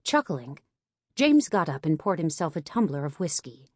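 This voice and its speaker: A woman reads fiction aloud as an audiobook narrator, even and clear. Her voice sits low for a woman, and the sound is dry and close. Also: normal speed, no echo. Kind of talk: scripted narration.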